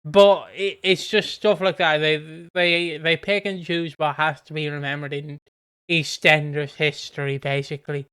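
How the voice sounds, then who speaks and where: Bright-voiced man chatting on a podcast. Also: fairly high pitch, little pitch movement, unhurried, clean tone. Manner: rambling, goes off on tangents, laughs easily. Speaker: podcast co-host. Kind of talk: casual chat.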